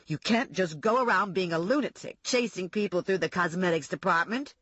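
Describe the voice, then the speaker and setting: A woman voicing a catty, indignant female rival who hurls shrill insults, on a slightly dull recording. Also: fairly quick, a bit bright, no echo.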